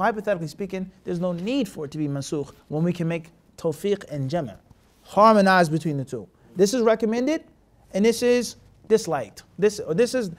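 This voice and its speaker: A man teaching a classroom hadith lesson, mixing Arabic terms into his English and often stopping to check that his students follow. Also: high-pitched. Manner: asks the class rhetorical check questions. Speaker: Islamic teacher.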